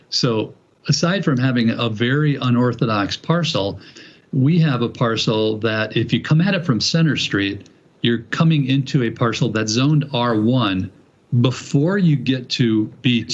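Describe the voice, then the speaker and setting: A man walks a city plan commission through a zoning presentation. He speaks in a measured, methodical way at an ordinary pitch, with the odd restart. The recording is muffled and lo-fi, as from a public meeting.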